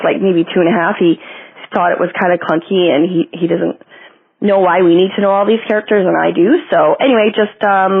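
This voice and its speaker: A woman's voice: mid-range voice, slightly rough. A woman from Canada calling in to a podcast, talking chattily with many fillers. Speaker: caller. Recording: phone line.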